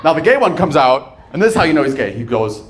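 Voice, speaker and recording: Lively higher-voiced male stand-up comic. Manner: animated, playful delivery with pauses for laughs. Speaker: stand-up comedian. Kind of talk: live stand-up set. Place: comedy club stage. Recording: noisy live club recording.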